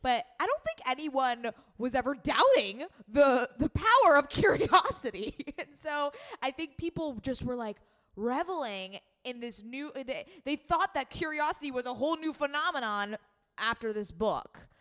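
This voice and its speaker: Lively, giggly young woman co-host. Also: high-pitched, moderate pace. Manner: giggly, rambling, self-mocking. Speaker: podcast co-host. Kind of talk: casual chat.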